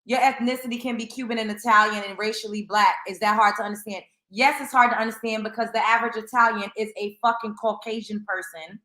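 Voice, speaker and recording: New woman ranting on her commentary show, cusses a lot, bright sharp voice, echoey room. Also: a little high, steady tone, quick pace, hardly any pauses. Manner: blunt, profane, fired-up rhetorical questions. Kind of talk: reaction commentary.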